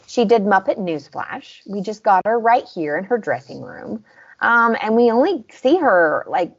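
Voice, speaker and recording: A woman's voice: mid-range voice, big pitch swings, a little slow, muffled recording. A woman with a Southern US accent, co-hosting a podcast in casual chat, going over scenes in detail. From American South. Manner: chatty, recaps scenes in detail. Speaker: podcast co-host.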